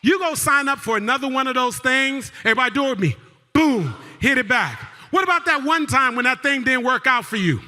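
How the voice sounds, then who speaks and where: A man giving a motivational keynote, leading the crowd in call-and-response and telling a story that swings between loud and hushed. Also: very high voice, expressive, fairly quick. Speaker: keynote speaker. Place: large event hall. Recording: live hall with long reverb.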